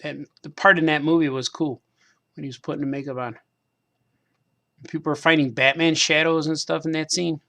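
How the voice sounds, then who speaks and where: Man, slightly high gravelly voice, loose rambling chat while crafting, self-deprecating. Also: steady tone, fairly quick, pauses often, sharp tone. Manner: meandering, self-deprecating, repeats himself. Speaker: cartoonist hosting a craft stream. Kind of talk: casual rambling monologue while painting figures.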